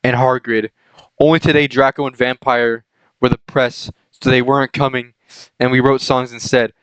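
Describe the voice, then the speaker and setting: Young guy reading cringey fanfic out loud, cracking up, smooth voice, dry close mic. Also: mid-range voice, flat delivery, moderate pace, dry recording, dull audio. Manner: laughing through the text, breaking off to comment. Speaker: reader of a fanfic. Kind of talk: comedic dramatic reading.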